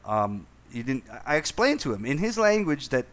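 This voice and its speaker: A man's voice: mid-range voice, sing-song, normal speed, few pauses, a bit bright. A man hosting a casual podcast chat, telling a profane anecdote with lots of repeated words and laughter. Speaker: podcast host. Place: lived in Indonesia.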